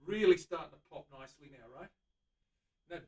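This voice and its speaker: A man's voice: high-pitched, normal speed, recorded from a distance. A middle-aged man with an Australian accent, hosting a live-streamed workshop demonstration and chatting eagerly to viewers while he works. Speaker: luthier host. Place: guitar workshop. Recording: voice from away from the mic.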